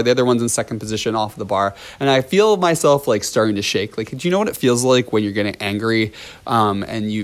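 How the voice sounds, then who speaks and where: A young man who teaches ballet tells a story from his class, rambling casually with lots of fillers and restarts. His voice is mid-range.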